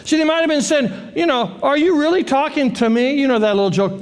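A man preaching a sermon, animated and joking, acting out the voices of the people in the story. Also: extremely high pitch, brisk, few pauses, slight background noise. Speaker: pastor.

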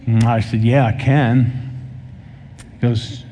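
Male preacher, warm dark tone, big reverberant sanctuary sound, acts out his anecdotes. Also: mid-range voice, level tone, unhurried, long pauses, a little hiss or hum. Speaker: pastor. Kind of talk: sermon. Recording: long hall reverb.

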